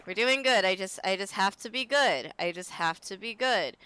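A woman's voice: medium pitch, lively intonation, moderate pace, sharp tone, smooth, no room sound. A woman streaming a game in casual chat, giggling often and swapping swears for silly stand-in words.

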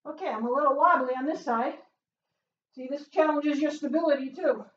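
A high-pitched woman leads a workout while doing it herself, out of breath and cheering her viewers on. She is recorded from a distance in a small closed room, so her voice sounds roomy and a little dull. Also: brisk. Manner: upbeat, cheering with loud whoops, breathless between exercises. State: out of breath from exercising. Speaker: fitness instructor. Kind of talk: live workout coaching.

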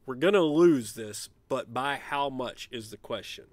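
A man streaming a college basketball management game, chatting casually and shouting gleeful trash talk when his team wins. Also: medium pitch, expressive, measured pace, no room sound. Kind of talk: let's play commentary.

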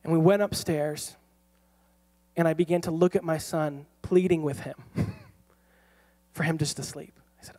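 A man's voice: a little high, normal speed, pauses often. Storytelling man preaching a sermon. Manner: storytelling, animated, laughs often. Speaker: pastor. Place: church.

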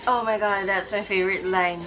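A woman DJ reacting to a music video in a casual vlog, gushing with excited exclamations. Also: mid-range voice, fairly quick, poor audio. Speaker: DJ and reaction vlogger. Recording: music video playing loudly behind the voice. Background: music video playing.

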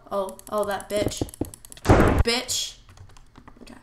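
A woman's voice: medium pitch, very animated, takes it slowly, long pauses. A woman with a cold-stuffed nose giving casual gameplay commentary, chatting to herself as she plays. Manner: chatty, talks to herself while playing. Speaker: gamer. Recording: roomy echo, faint noise.

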